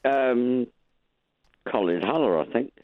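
A man's voice: mid-range voice, lively intonation, slow pace, dry recording. A man calling in to a radio show over the phone, talking in a hesitant, mild way. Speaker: caller. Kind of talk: phone-in chat. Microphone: telephone. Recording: tinny phone line.

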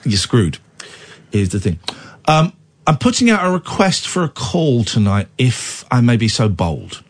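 A man's voice: medium pitch, sing-song, unhurried. A man hosting late-night talk radio, tired with a cold, talking in a playful, mock-indignant way. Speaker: radio host.

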